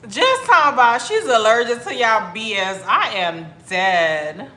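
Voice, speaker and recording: Woman livestream host from miami, slow drawn-out chat, bright voice, echoey room. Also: fairly high pitch, very animated. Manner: chatty, drawn-out, greets viewers by name. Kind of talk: casual livestream chat reading comments.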